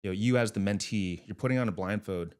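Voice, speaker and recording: Talking quickly in a lowish voice, a man is interviewed casually as a real estate investor guest. His delivery about real estate is motivational, emphatic and earnest.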